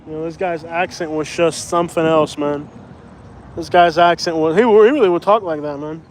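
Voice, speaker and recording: A man's voice: fairly high pitch, moderate pace, a little hiss or hum. A man chatting casually on a livestream, rambling and laughing as he talks. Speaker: vlogger, livestream host.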